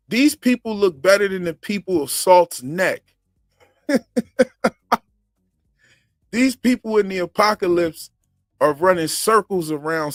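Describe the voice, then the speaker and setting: A man's voice: fairly high pitch, dry recording. Joking slangy man, dry close sound. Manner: slangy, laughs often, playful teasing. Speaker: channel host reacting to a TV show. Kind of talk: casual joking commentary.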